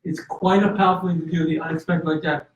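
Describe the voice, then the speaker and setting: A man's voice: fairly high pitch, level tone, fast talker, a little hiss or hum. Earnest man telling his story, echoey room. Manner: earnest, with restarts and fillers. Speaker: guest. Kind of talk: storytelling in an interview. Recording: roomy, distant and slightly dull.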